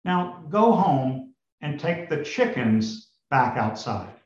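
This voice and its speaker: A wise old rabbi gives advice in a calm, gentle way, as a preacher puts him on, speaking slowly in a fairly high man's voice. The recording sounds roomy and a little dull. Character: calm, kindly old male village rabbi.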